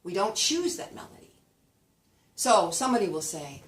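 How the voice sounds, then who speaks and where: A woman's voice: sing-song, normal speed, long pauses. A woman teaching a class, often acting out example phrases with exaggerated sing-song melodies. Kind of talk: lecture with spoken demonstrations. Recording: roomy echo, distant mic, faint rumble.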